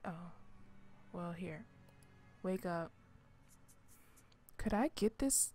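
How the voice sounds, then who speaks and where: Chatty and excitable, a young channel host provides gameplay commentary, addressing the characters and whispering asides. Her mid-range voice is slightly rough, and she speaks extremely slowly with long pauses.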